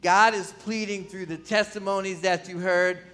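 A man preaching a sermon as pastor, calling questions out to the congregation and swinging from pleading cries to low, quiet lines. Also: steady tone, normal speed. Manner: pleading, rising to near-shouts, then dropping low. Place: church.

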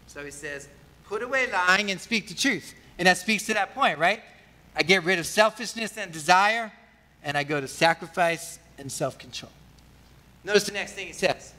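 Pastor, man, higher voice, conversational sermon with frequent questions to the room; long hall echo. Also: bright, forceful tone. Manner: conversational, asks the congregation questions.

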